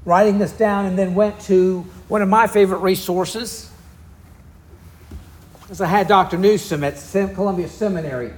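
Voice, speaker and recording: A man's voice: high-pitched, fairly even intonation, normal speed, reverberant. A man with a Southern US accent preaching a sermon, telling the story in a folksy, easygoing way. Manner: folksy storytelling, drawling asides. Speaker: pastor.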